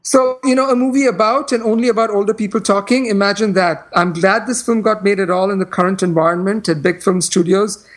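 A man weighs up a film on a casual podcast. He speaks in a measured way, hedges often and fills pauses with "you know" and "kind of". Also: high-pitched, fairly even intonation. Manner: measured, hedging, many fillers. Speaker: podcast co-host, film reviewer. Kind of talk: casual chat.

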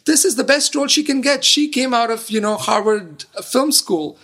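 A woman with a gravelly, husky voice picks apart an action film on a casual panel. She is animated and exasperated, laughing through her complaints. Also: a little high, normal speed. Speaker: film reviewer.

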